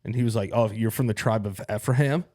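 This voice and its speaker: A man's voice: fairly low pitch, a little fast, a little mellow. A young man co-hosting a podcast, telling a story casually with swearing and laughs. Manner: laid-back, profane, laughing storyteller. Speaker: podcast co-host, comedian.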